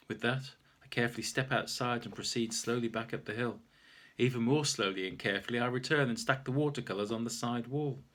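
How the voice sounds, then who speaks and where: A man's voice: medium pitch, fairly quick, fairly bright tone. A man reading his own story aloud in a wry, self-mocking way. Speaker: author reading his memoir.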